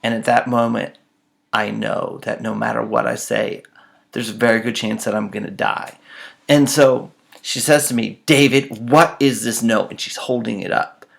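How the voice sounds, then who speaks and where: A man's voice: on the low side, steady tone, moderate pace, gravelly. A man telling self-mocking personal stories in a casual, dramatic way. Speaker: storyteller.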